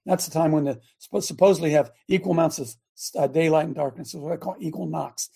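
An older man hosting a talk show, a former football coach who talks loud and emphatic and repeats himself for emphasis. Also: on the high side, quick pace, gravelly, few pauses, slightly rough. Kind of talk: impassioned talk show monologue.

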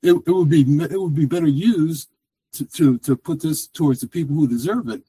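Husky dark-voiced guy calling in, kinda rambly. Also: fairly high pitch, brisk, no room sound. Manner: rambling, restarts a lot. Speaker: caller. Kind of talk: casual call-in chat.

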